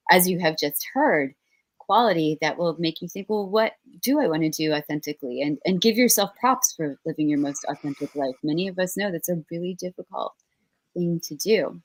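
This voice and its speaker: A woman acting as guest host of an author interview. She is emotional and expressive and laughs easily. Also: low-pitched, no echo, poor audio.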